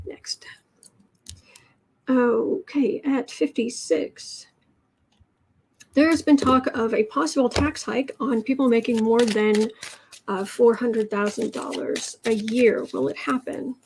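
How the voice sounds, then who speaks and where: A woman hosting a live tarot reading, musing aloud over the cards and answering chat in halting, drawn-out phrases. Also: a little high, fairly even intonation, darkish tone, a little hiss or hum. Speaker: tarot reader and channel host.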